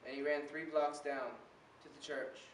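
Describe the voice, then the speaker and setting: A man's voice: a little high, flat delivery, normal speed. A teenage boy performing a spoken word poem with an earnest, rhythmic delivery. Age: teens. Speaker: slam poet. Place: indoor performance room. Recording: roomy, distant mic with faint hiss.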